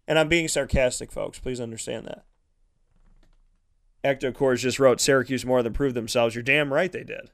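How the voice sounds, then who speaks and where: A man's voice: mid-range voice, moderate pace, creaky. A man broadcasting a live sports talk show, ranting with heated sarcasm and lots of repetition.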